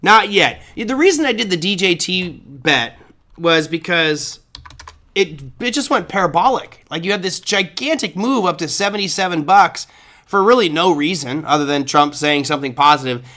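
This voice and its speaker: A man with a high, sharp voice and lively intonation hosts a live trading show at a moderate pace. He chats casually through the charts and reads out viewer chat, thinking aloud with plenty of fillers.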